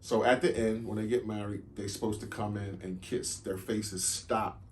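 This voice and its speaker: A man's voice: on the low side, fairly even intonation, normal speed. Conversational man host, faint noise. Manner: conversational, rising emphatic outbursts. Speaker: podcast host. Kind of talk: casual chat.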